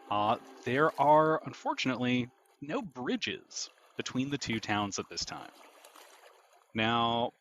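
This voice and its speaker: A man's voice: medium pitch, fairly bright tone, no room sound. A man narrating a tabletop game as game master, easygoing, with occasional uhs. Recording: slightly dull, lo-fi mic.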